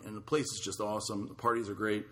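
Give me a fast, bright-voiced man hosting a podcast, loose and blunt. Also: lowish voice, little pitch movement, slight background noise. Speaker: podcast host. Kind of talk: casual podcast chat.

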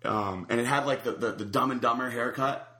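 A man tells a long, rambling, animated story in casual conversation, full of fillers and restarts. His voice is medium-pitched and brisk, and the room sounds echoey.

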